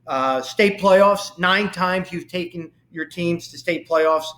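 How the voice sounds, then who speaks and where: A man's voice: sits high, slow pace, a bit bright. A man hosting a sports interview, eagerly running through a guest's career record. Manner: enthusiastic, reads off career stats. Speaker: show host. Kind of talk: interview podcast.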